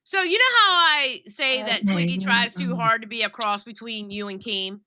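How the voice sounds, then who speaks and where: A woman's voice: on the high side, expressive, normal speed, pushed and bright, no echo. A woman in a casual streamed chat, talking expressively, with her voice swooping when she quotes.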